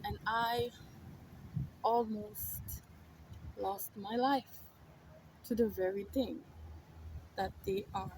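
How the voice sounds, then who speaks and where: Slow-talking woman in her thirties. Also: a little high, very animated, vocal fry, heavy background noise. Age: 30s. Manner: meandering, swings between hushed whispers and emphatic declarations. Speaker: spiritual content creator. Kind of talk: casual spiritual monologue.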